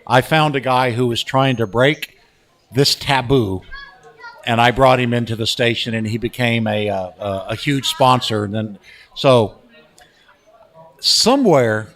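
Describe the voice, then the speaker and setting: An older man spins stories from his years in radio, unhurried and anecdotal, circling back over his words as he goes. He speaks as a guest in a casual interview, at an everyday pitch. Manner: relaxed anecdotal, frequent restarts.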